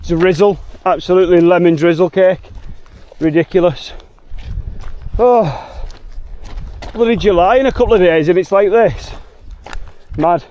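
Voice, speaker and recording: A man's voice: high voice, measured pace, pauses often, lo-fi sound. A chatty Liverpool man with a slightly raised voice talks straight to his viewers on a soggy fell walk. His delivery is slangy and cheerful, recorded on a handheld camera outdoors. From England. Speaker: hiking vlogger. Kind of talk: casual walking vlog. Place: outdoors on wet fells, later in a car.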